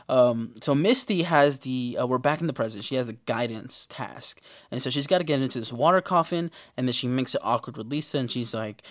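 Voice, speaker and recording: A man casually recapping television episodes in a slangy, laid-back way with quick asides. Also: medium pitch, fairly bright tone.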